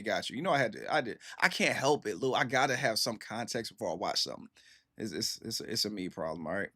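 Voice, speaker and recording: A man's voice: lowish voice, a bit bright. A man hosting a casual reaction stream, talking in a laid-back, repetitive way and often saying "man". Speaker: streamer host.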